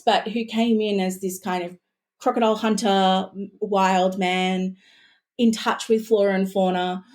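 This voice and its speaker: Australian woman, historian guest on a podcast; chatty, rambling restarts, middle-pitched. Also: a little mellow. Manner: chatty, frequent restarts and asides. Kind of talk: casual podcast conversation.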